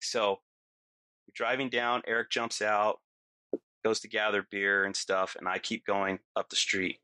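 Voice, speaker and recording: A middle-aged man as a podcast guest, telling a story in casual talk, animated and laughing often, acting out what people said. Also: fairly low pitch, a little slow, clear, resonant tone, no room sound.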